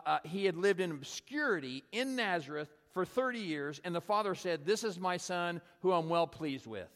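A man's voice: on the high side, big-room sound. A man preaching a sermon in a conversational, storytelling way, often checking in with "right?". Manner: conversational storytelling, frequent "right?" tag questions. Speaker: pastor.

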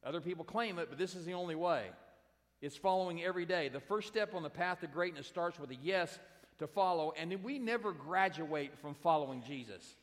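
A man's voice: fairly high pitch, a little fast. A pastor preaching a sermon to his congregation, emphatic and direct, repeating his key phrases. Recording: long hall reverb.

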